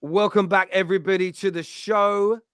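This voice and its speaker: A man's voice: high voice, steady tone, normal speed, a bit bright, slight background noise. A man, hosting a casual football chat show in a joking, rambling way with many fillers. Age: 30s. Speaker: host.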